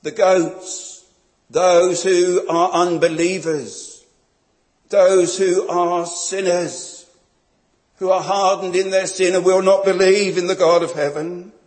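A man's voice: high-pitched, little pitch movement, slow, a little mellow. A man preaching a sermon in a solemn, emphatic way, building each point through repeated phrases. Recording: long reverb of a large hall.

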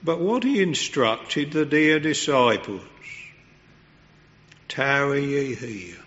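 A man preaching a sermon at a slow, unhurried pace, reverent and earnest. His voice is of middling pitch. The recording sounds muffled and lo-fi. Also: lively intonation, fairly bright tone.

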